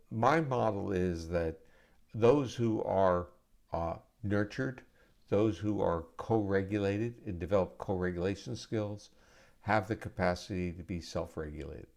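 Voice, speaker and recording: A man answering audience questions at a live arts center talk, speaking in a measured, explanatory lecturing way. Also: deep voice, vocal fry, darkish tone. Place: arts center event space.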